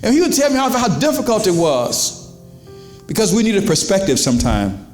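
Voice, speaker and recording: A man's voice: high-pitched, huge pitch swings, brisk, roomy sound, faint music behind. A pastor preaching to his congregation in a church, in a conversational style with questions to the crowd and quoted voices. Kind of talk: sermon. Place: church sanctuary.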